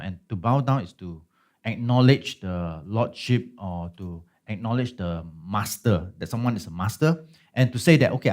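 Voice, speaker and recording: A man's voice: lowish voice, a little mellow. A pastor teaching a Bible study class in a conversational way, often checking in with his listeners. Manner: conversational, checks in with listeners with frequent tag questions.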